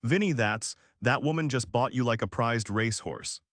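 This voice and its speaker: A man's voice: medium pitch, normal speed, fairly bright tone, no echo, studio quality, natural voice. A man voicing a stunned younger brother in a story narration.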